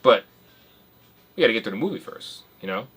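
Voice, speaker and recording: A man in casual chat with a friend, teasing and quick to laugh. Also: on the low side, very animated, a bit bright, slightly rough.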